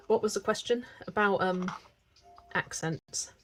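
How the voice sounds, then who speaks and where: A woman's voice: medium pitch, slow, faint music behind. A woman with a Southern British accent, chatting casually and musing over viewer questions while she colours on a livestream. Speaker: livestream host.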